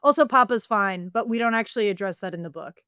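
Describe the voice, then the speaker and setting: A woman co-hosting a casual podcast, spinning a silly story with plenty of "like" and "um." Her voice is smooth and clear, recorded dry on a close mic. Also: mid-range voice, fast, a bit bright, no room sound. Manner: playful storytelling, lots of fillers. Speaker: podcast co-host. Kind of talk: casual chat.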